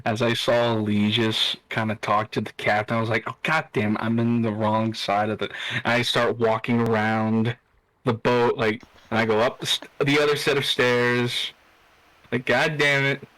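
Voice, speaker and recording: A man's voice: mid-range voice, little pitch movement, normal speed, fairly bright tone, no echo, rough recording. A man playing a tabletop game, exasperated and stammering at times. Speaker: player.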